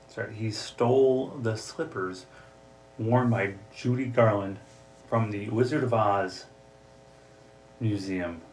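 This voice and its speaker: Midwest guy chatting on his podcast, casual and jokey, some low hum behind him. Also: fairly even intonation, slow pace, pauses often, a little mellow. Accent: Upper Midwest American. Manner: chatty, jokey, acts out voices for gags. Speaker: podcast host. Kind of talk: casual solo podcast chat. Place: home office. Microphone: desk mic, also streaming live.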